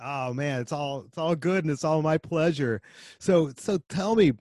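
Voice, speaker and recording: A man's voice: a little high, moderate pace, darkish tone, dry recording. A man hosting a business podcast interview, chatty and encouraging, with fillers and restarts. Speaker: podcast host.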